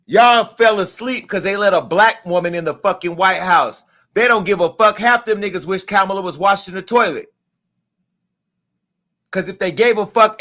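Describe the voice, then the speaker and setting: A man's voice: high voice, sharp tone. A middle-aged man hosting a live show, delivering an angry, profane, emphatic rant. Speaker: host. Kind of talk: impassioned live-stream rant.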